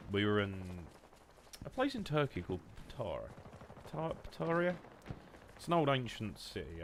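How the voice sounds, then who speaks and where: A man's voice: lowish voice, background noise. A young British man with a blocked, nasal nose, rambling and swearing in casual chatter to his live-stream chat while he plays. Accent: British English. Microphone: headset.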